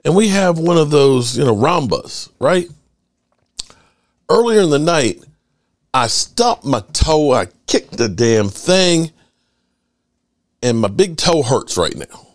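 A middle-aged man hosting his sports channel, chatting casually and rambling through stories with lively swearing. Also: fairly high pitch, takes it slowly, long pauses, dry recording, studio quality. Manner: animated storyteller, swears freely. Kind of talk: casual rambling fan chat.

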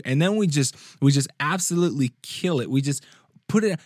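A young man giving a casual sermon-style talk as a podcast host. He talks conversationally, restarts his phrases often, and acts out quotes in a higher voice. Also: animated, a little fast, darkish tone, dry recording, studio quality. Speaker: youth preacher and podcast host.

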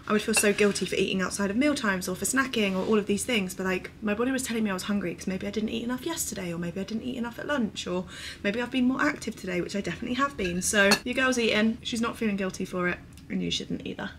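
A woman's voice: mid-range voice, fast talker. Bubbly woman in her 20s chatting to camera, a bit far from the mic, echoey hotel room, faint noise. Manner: bubbly, chatty, casual swearing. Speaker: lifestyle vlogger. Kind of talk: casual chatty vlog talk to camera.

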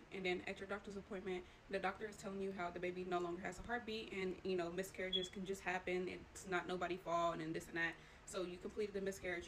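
A woman vlogger retelling a dramatic story in a casual, profane, animated way, addressing the listener as 'you'. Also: on the low side, a little hiss or hum. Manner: profane, animated, tells it in second person.

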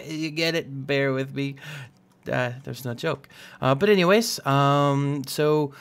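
Rambling young man, lightly high voice. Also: takes it slowly, clear, resonant tone. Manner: rambling, self-mocking and jokey. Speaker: gaming channel host. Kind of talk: casual let's-play commentary.

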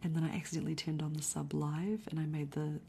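A woman reading a bedtime story aloud in a soft, unhurried ASMR whisper. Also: low voice, level tone, creaky, slight background noise. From Australia. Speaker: ASMR streamer.

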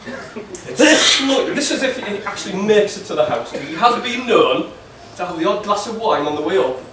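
A man giving a wedding speech, teasing and halting with many ums and restarts. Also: high-pitched, very animated, a bit bright. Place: wedding reception hall. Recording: echoey hall, distant mic, laughing crowd. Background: guests laughing.

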